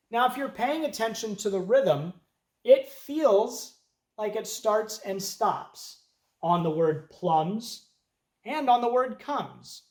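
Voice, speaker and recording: An elementary music teacher teaching young children, speaking slowly and patiently and counting beats aloud. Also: mid-range voice, lively intonation, roomy sound, very noisy.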